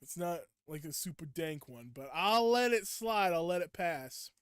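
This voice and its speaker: In casual live gameplay chat, a young male streamer rants at his viewers with playful mock indignation. His fairly high voice is animated yet unhurried, clear and resonant. The studio sound is clean, with no echo.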